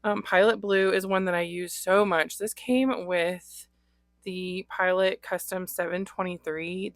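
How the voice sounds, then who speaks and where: A woman's voice: medium pitch, a bit bright, no echo. A woman vlogging about her fountain pen inks in a casual, chatty way, with lots of ums and small laughs. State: recovering from a cold. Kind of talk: casual show-and-tell vlog.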